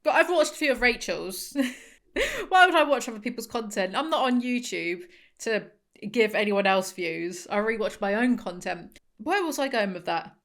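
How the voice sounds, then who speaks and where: A woman's voice: on the high side, expressive, normal speed, a bit bright. A young woman with a London accent, reviewing a book with sarcastic, self-mocking, theatrical asides. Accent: London English.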